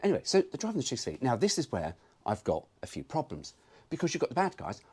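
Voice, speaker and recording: A man's voice: medium pitch, huge pitch swings, quick pace, a little mellow, husky. A man hosting his own car video, chatting casually with cheeky, sweary jokes. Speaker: car vlogger.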